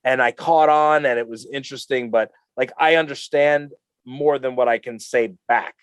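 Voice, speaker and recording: A man's voice: mid-range voice, normal speed, clear, resonant tone, dry recording. Rambling, profane male podcast co-host. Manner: loose, rambling and profane, with many fillers. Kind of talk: casual chat. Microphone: studio mic.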